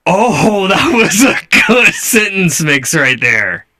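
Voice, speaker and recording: Bright-voiced man hosting a podcast. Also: high-pitched, big pitch swings, slow, faint music behind. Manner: amused, profane, rambling. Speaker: podcast host. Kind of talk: casual chat reviewing videos.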